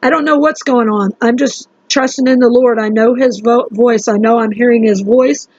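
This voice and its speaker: Woman vlogger, rambling and urgent, higher voice, dry lo-fi phone sound. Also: fairly even intonation, moderate pace, darkish tone, no echo. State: sleep-deprived. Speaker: religious vlogger. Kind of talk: casual monologue to camera.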